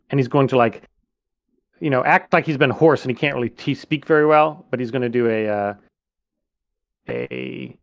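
A man's voice: medium pitch, no room sound, dull audio. A man playing a tabletop game, casually describing what his character does. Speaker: player.

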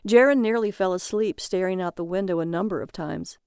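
A woman narrating a dark crime story in a steady storytelling manner. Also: fairly low pitch, brisk, clear, resonant tone, no echo, clean studio sound. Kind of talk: audiobook reading.

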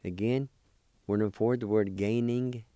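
A man's voice: on the low side, fairly even intonation, moderate pace, dark tone, no echo. A man teaching a language on the radio, patiently spelling words letter by letter and repeating each syllable. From Oklahoma, United States. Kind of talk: slow language lesson, spelling and pronouncing words.

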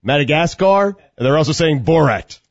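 A man's voice: fairly high pitch, animated, normal speed, no room sound. A man co-hosting sports talk radio with dry, wry asides. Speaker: radio co-host. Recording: slightly muffled dry studio.

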